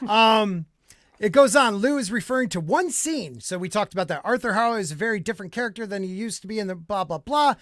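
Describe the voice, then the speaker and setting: A man's voice: high voice, animated, fast, a bit bright, no room sound, clean studio sound. A man hosting a podcast in casual chat, ranting in an exasperated, profane way. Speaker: podcast host.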